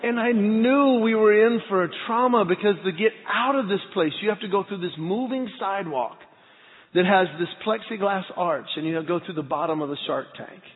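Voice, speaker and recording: A middle-aged man preaches in a large church hall, acting out every bit of dialogue in his story. His voice sits a touch high for a man. The sound is thin and phone-like, with a long reverb trailing each phrase. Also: a little fast. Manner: animated, acts out dialogue in the story. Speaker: pastor. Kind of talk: storytelling sermon.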